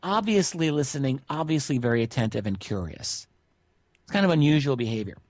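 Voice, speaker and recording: A middle-aged man recounts an odd encounter for a radio interview, relaxed and chatty, pausing on fillers as he goes. His voice sits at a middle pitch and sounds dry and close, with no room around it. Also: dry recording. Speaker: guest researcher.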